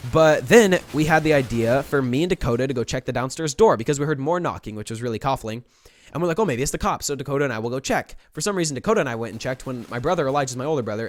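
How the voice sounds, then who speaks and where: Young dude doing a storytime video, talks super fast, keeps restarting and piling on details. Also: male voice, medium pitch, slight background noise. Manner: animated, rambling retelling with restarts. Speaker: vlogger. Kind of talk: storytime vlog.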